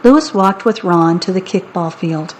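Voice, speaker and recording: A woman narrating a children's audiobook in a wry, deadpan way. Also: fairly low pitch, moderate pace, slight background noise, poor audio.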